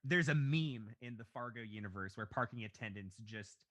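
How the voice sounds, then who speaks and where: Bright-voiced man in casual podcast chat. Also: lowish voice, moderate pace. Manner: rambling, animated when retelling scenes. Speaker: podcast co-host.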